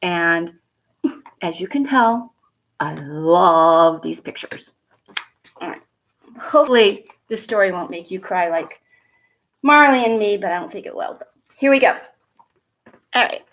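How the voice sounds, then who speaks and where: A woman from a school reading a picture book aloud to children at home, gentle and expressive, a little nervous, chatting to the kids between pages. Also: on the low side, measured pace, long pauses. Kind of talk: storybook read-aloud for children.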